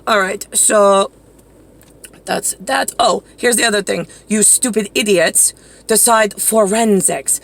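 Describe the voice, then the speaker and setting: A woman's voice: mid-range voice, gravelly, fairly bright tone, breathy edge. A woman talking in a rambling, profane monologue that jumps from topic to topic.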